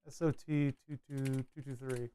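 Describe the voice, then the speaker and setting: A man's voice: mid-range voice, steady tone, normal speed, dark tone, clear, resonant tone. Chatty man reading datasheets aloud. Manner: chatty, rambling, jokey asides while reading datasheets. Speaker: PCB design streamer. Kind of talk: casual live-stream walkthrough.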